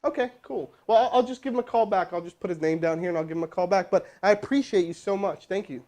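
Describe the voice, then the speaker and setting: A man teaching cold calling on a live stream, energetic and joking as he talks to his chat. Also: high-pitched, fast talker, slight background noise. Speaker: sales trainer. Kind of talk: live teaching session with role-played calls.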